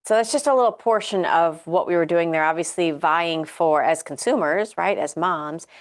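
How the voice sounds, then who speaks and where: Chatty, slightly low-voiced woman co-host. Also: moderate pace. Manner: chatty, laughs often, loosely phrased. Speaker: podcast co-host. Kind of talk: casual political chat.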